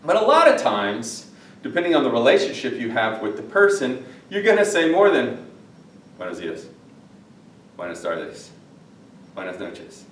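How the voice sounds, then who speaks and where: A man's voice: mid-range voice, huge pitch swings, moderate pace, pauses often. Man teaching a lesson in an echoey room. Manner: conversational, repeats phrases, checks in with listeners. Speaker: Spanish teacher. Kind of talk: recorded classroom lesson. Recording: echoey room, mic at a distance.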